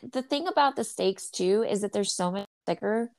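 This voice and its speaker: A woman's voice: mid-range voice, lively intonation, moderate pace, no echo. Bubbly joking woman podcast co-host. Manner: bubbly, jokey storyteller. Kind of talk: casual chat.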